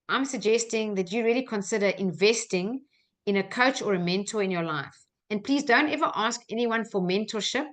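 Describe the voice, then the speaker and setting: A woman's voice: medium pitch, fairly bright tone. A middle-aged woman with an Australian accent, hosting a personal development webinar and telling stories in an earnest way with frequent fillers. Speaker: coach and webinar host.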